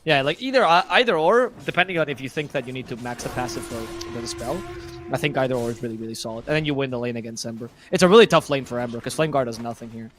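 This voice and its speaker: A man from Spain with a regional Spanish language as his first tongue, casting a live esports match in English. He rattles through his analysis at a rapid clip, chatty and opinionated, at a middling pitch. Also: lively intonation, a bit bright, slight background noise. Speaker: esports commentator.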